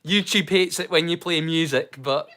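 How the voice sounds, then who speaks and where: Man with a high voice, livestream host; chatty, excitable, stop-start delivery with a hidden stammer. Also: moderate pace. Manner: hesitant, many fillers and restarts; mild stammer he keeps hidden. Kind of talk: casual livestream chat.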